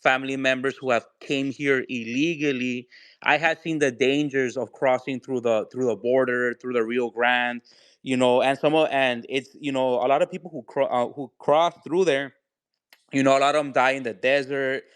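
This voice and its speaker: A man with a Mexican accent speaks earnestly and casually, with plenty of "you know" fillers. His voice is smooth and resonant, recorded dry and close. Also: medium pitch, fairly even intonation, moderate pace, a bit bright, dry recording. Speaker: caller. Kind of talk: casual call-in chat.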